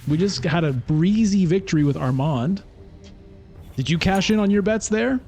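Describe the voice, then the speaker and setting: A man's voice: high-pitched, expressive, normal speed, darkish tone, breathy edge, soft background music. A man giving casual, chatty commentary as he plays a digital board game, thinking aloud. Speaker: streamer.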